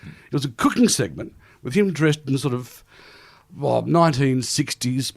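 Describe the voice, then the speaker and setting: A middle-aged Australian man in casual podcast chat, telling stories in an animated, self-deprecating way and laughing often. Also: medium pitch, moderate pace, gravelly. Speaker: guest comedian.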